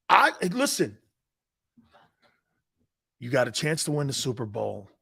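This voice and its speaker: Brash, high, lively male sports host. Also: slightly rough. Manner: brash, animated, opinionated, mocking pundits; laughs at his own points. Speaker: sports talk show host. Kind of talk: live sports radio talk.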